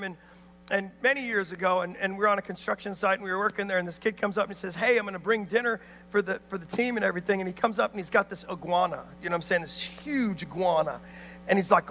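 A man preaching a sermon, an animated storyteller who acts out voices and calls out to the crowd. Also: very high-pitched, long reverb tail. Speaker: pastor.

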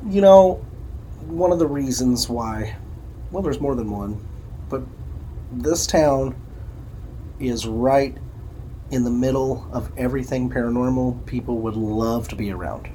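A man's voice: mid-range voice, a little slow, pauses often, warm tone, a little hiss or hum. A man from Illinois co-hosting a podcast, telling stories bluntly with laughs in casual chat. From Alton, Illinois. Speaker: podcast co-host.

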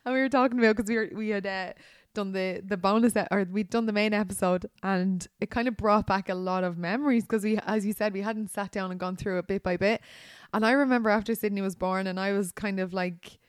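Casting: Irish woman, mid-pitched, playful teasing co-host, dry close sound. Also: fairly even intonation, brisk, hardly any pauses, clear, resonant tone, no echo. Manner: teasing, laughs often. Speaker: podcast co-host. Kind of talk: casual chat.

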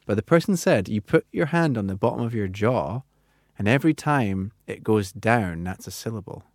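A man's voice: fairly low pitch, lively intonation, moderate pace, no echo, clean studio sound. A man hosting a chatty podcast, hesitant and laughing often. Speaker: podcast host. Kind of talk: casual chat.

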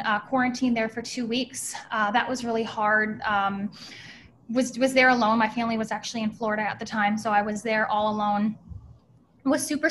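A young American woman recounts a heartfelt personal story as a podcast guest. Her voice sits a little high, and she stops and restarts often. A faint hiss sits under the recording. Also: fairly bright tone. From United States. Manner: emotional, halting, many restarts. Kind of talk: personal faith story in casual conversation.

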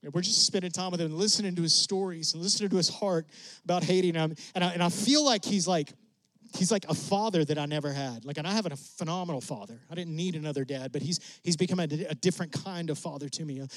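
A middle-aged man preaching a testimony, telling his story with animated leaps up in pitch when excited. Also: quick pace, no echo. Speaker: preacher sharing a mission testimony. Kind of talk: sermon storytelling.

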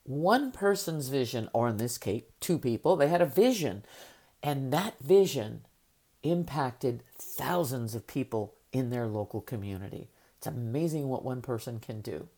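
A woman hosting a motivational podcast, speaking to listeners in an upbeat, emphatic way, her voice just recovering from being raspy. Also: very deep voice, expressive, unhurried, warm tone. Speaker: podcast host and high-performance coach.

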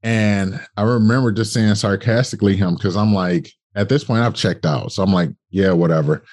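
Brief: young male podcast guest, low husky voice, casual profane storyteller. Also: moderate pace. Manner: animated, colloquial, swearing, acts out dialogue.

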